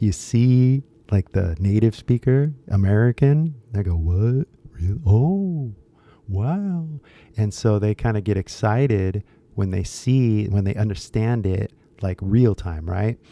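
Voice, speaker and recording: A man chatting loosely to his viewers about an idea he is pitching, his speech full of fillers and quick restarts. His voice sits a little low and sounds very dark and mellow. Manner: switches into Japanese at times. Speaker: English teacher and shirt seller. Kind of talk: casual talk to viewers.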